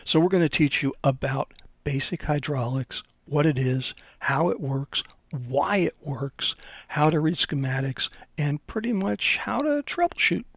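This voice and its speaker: A man's voice: a little high, expressive, unhurried, vocal fry, fairly bright tone, no room sound. A man giving an unscripted hydraulics webinar, telling folksy stories with some hesitations. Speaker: hydraulics instructor.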